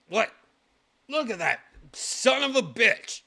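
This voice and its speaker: A man hosts his own livestream, talking casually and reacting out loud. His voice has a bright, tense edge and swings widely in pitch. He swears freely and breaks into sudden exclamations. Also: sing-song, slow, gravelly, soft background music. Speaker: show host.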